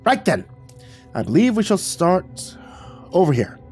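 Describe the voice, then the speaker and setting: Man voicing a high, snappish male curator, impatient and curt, storybook reading. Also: huge pitch swings, unhurried, darkish tone, faint music behind, exaggerated voice. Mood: brisk. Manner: curt, clipped and irritable. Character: impatient fussy middle-aged male museum curator.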